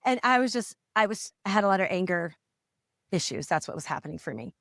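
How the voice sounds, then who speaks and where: A middle-aged woman, a parent coach, telling a personal story as a podcast guest, reflective and halting, often restarting her sentences. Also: lowish voice, expressive, vocal fry, no room sound, clean studio sound. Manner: reflective, halting, with frequent restarts and soft laughs.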